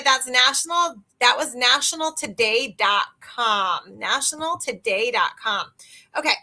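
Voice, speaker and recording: Animated woman coaching on a live call. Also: high voice. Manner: animated, exclamatory, asks the audience questions. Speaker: sales coach. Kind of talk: live online training.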